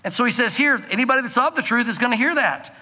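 A man preaching a sermon from the pulpit, earnest and emphatic, slowing down to stress key phrases. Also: very high voice, expressive, sharp tone, long reverb tail. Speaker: pastor.

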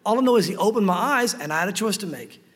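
A pastor preaching a sermon earnestly, slowing down to stress key phrases. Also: male voice, high voice, expressive, fairly bright tone, in a large hall.

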